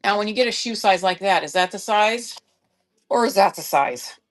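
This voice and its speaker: A woman's voice: mid-range voice, lively intonation, moderate pace. A middle-aged woman chatting casually on a live-stream sale, rambling and thinking aloud while she checks sizes. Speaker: online reseller selling on a live shopping app.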